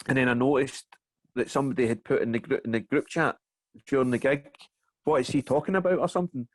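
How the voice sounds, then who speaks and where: A Scottish man with a mid-pitched voice tells stand-up stories as a podcast guest, cursing and laughing along with his own anecdotes. The sound is dry and close, with no room echo. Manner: animated storyteller, swears and laughs through anecdotes. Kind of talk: casual podcast chat over a video call.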